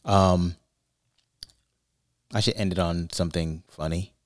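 A man co-hosting a podcast, telling a family story in a rambling, animated way. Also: deep voice, slow, no room sound, studio quality. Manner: rambling, restarts and fillers, animated when quoting. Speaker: podcast co-host. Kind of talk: casual chat, storytelling.

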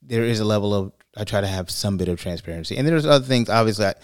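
A man co-hosting a podcast, telling a family story in a rambling, animated way. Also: lowish voice, fast, clean tone, no room sound, clean studio sound. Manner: rambling, restarts and fillers, animated when quoting. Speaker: podcast co-host. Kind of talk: casual chat, storytelling.

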